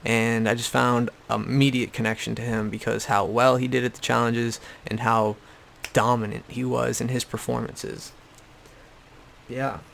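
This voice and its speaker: A man's voice: mid-range voice, flat delivery, unhurried, gravelly, a bit bright, slight background noise. Profane young guy recapping. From Boston area. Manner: profane, blunt, repeats himself. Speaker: YouTube recap host. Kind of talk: casual rant-style show recap. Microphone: desktop USB microphone.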